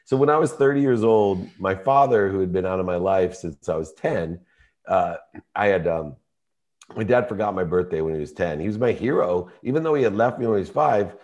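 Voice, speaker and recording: 50s guy on a podcast, lowish voice, gets really into telling his story. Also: fairly quick, lo-fi sound. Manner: emotional, animated storytelling with laughs and vivid quotes. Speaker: podcast guest. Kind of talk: personal storytelling in conversation.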